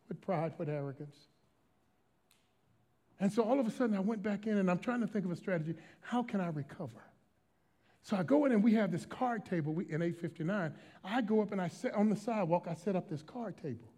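High-voiced emphatic preacher man. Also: quick pace. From Washington, D.C. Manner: emphatic and dynamic, swinging from shouts to hushed storytelling. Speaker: pastor. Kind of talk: preaching a sermon.

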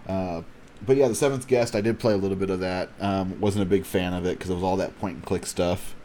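A man chatting casually, relaxed and hesitant with frequent ums. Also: deep voice, brisk, slight background noise. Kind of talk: casual chat.

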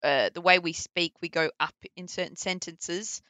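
Bright, crisp-voiced Australian woman, chatty. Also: on the low side, fairly even intonation, normal speed, dry recording. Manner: chatty, full of likes and ums, laughs often. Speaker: voice actor guest. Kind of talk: casual interview chat.

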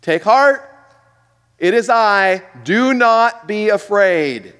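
A preacher voicing a commanding divine teacher. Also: male voice, sits high, lively intonation, drawn-out words, smooth, in a large hall, pitched above the performer's own voice, exaggerated voice. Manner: forceful, emphatic commands. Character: commanding divine teacher calming terrified men.

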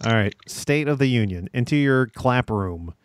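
A man's voice: medium pitch, expressive, normal speed, slight background noise. A man co-hosting a comedy podcast, chatting casually and narrating a script with a laid-back, chuckling delivery.

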